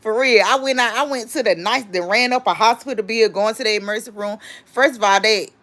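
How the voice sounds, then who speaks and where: A woman's voice: on the high side, a little fast, a bit bright. Chatty woman livestream host. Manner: chatty, rambling, greets and thanks viewers. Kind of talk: casual livestream chat.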